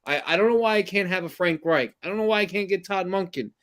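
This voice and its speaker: A man's voice: high voice, fast, fairly bright tone. A man co-hosting a sports podcast, ranting angrily and profanely about his team, with frequent sighs and exasperated outbursts. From New York area. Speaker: podcast co-host. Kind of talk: angry sports rant.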